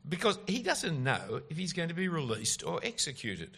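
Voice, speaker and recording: A man's voice: fairly high pitch, wildly swooping pitch, moderate pace, bright, forceful tone, husky. A man preaching an expository sermon, emphatic and full of rhetorical questions.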